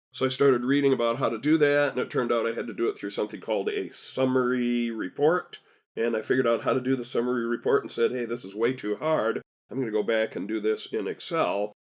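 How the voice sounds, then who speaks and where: A man teaching a software tutorial over a screen recording, chatty and encouraging with folksy asides. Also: lowish voice. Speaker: software instructor.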